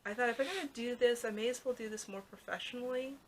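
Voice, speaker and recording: A middle-aged woman author talking casually to her camera in a soft, faint voice, chatty and full of ums and restarts. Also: on the high side, fast talker, a little hiss or hum. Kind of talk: casual vlog talk to camera. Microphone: camera microphone.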